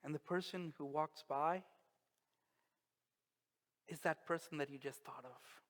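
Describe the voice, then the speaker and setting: A male pastor preaching a sermon, slow and emphatic, with dramatic pauses and quiet drops. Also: a little high. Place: church sanctuary. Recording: long reverb of a church hall.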